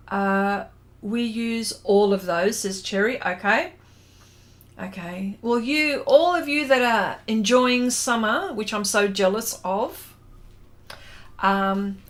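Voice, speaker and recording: An Australian woman chats her way through a drawing livestream at a slow, unhurried pace. Her voice sits a little high, and she reads viewer comments aloud and laughs often. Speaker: artist hosting a drawing livestream. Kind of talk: casual livestream chat.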